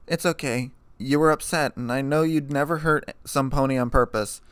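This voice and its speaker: A man reading aloud, voicing a timid, gentle grey pegasus mare who speaks shakily and softly. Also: medium pitch, fairly even intonation, normal speed, smooth, dry recording, lightly acted.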